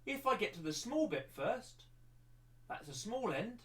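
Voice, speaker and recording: A man's voice: high voice, sing-song, unhurried, a bit bright, far from the mic. A man with an English accent teaching a livestreamed maths lesson, rambling with many restarts and repeated words.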